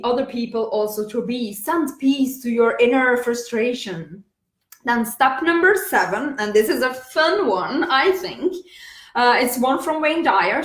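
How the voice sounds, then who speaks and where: A woman talking casually to camera about self-help, gentle and repetitive, with many fillers and restarts. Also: sits high, roomy sound. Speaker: self-help video host.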